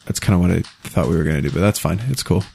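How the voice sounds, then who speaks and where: A man's voice: sits low, very fast, vocal fry, dark tone, breathy edge. A man co-hosting a live stream, talking in a loose, joking way with lots of fillers. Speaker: co-host. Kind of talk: casual live-stream chat.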